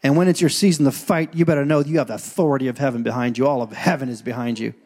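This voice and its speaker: A man preaching a sermon as pastor, telling stories and acting out scenes, swinging from quiet asides to loud points. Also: medium pitch, steady tone, racing.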